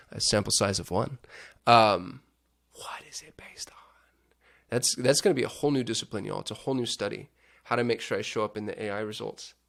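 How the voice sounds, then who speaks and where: A man's voice: mid-range voice, creaky. A man hosting a casual screen-share walkthrough on digital marketing, thinking aloud with chatty asides.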